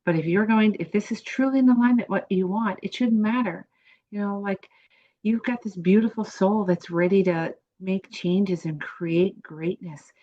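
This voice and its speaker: A woman's voice: medium pitch, normal speed, mellow, muffled recording. A woman psychic giving an emphatic, encouraging reading to a viewer, repeating her reassurances. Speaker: psychic panelist.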